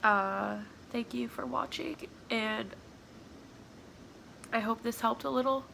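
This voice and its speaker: Teary woman vlogging from home, slow and halting, soft with a gravelly edge, keeps dropping to a whisper. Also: on the high side, a little hiss or hum. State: tearful, sniffling. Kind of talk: personal confessional vlog.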